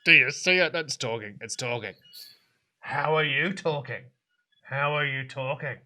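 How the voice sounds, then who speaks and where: A man voicing an old man high on mushrooms, shouting wild blessings. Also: a little slow. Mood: astonished.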